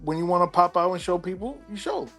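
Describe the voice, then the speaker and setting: New york guy, dominican family, tells stories slightly high-voiced, music low behind. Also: fast, gravelly. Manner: animated storyteller, acts out quotes. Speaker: interview guest, sneaker collector. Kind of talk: casual storytelling.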